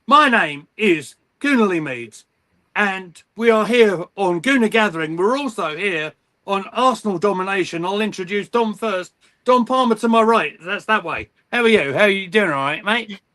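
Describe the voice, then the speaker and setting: A man's voice: high-pitched, lively intonation, normal speed, sharp tone. A man hosting a fan panel show, welcoming guests in a jokey, chummy way. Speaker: host. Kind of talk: casual chat.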